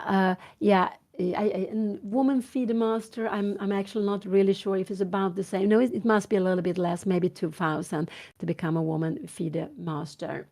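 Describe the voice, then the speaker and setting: Swedish-accented middle-aged woman, chess commentary, hesitant, plenty of fillers, thinks out loud. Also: medium pitch. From Sweden. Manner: thinking aloud, hesitant, with many fillers and restarts. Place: home room.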